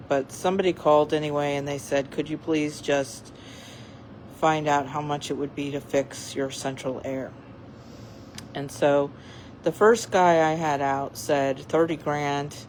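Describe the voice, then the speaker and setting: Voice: medium pitch, slight background noise, rough recording. A speaker giving a casual, rambling update full of fillers and restarts while playing with cats using a laser pointer. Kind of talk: casual chat.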